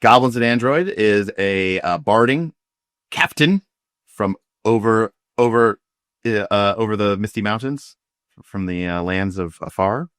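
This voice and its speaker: Casting: low-pitched male game master, loose and rambling, dry close sound. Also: a little slow, fairly bright tone, clear, resonant tone, no room sound. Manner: rambling, many fillers and restarts. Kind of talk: casual tabletop game chat.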